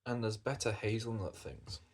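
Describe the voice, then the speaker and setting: A man's voice: fairly low pitch, very animated, moderate pace. A British man chatting casually as a coffee reviewer, rambling along and swearing in passing. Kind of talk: casual chat.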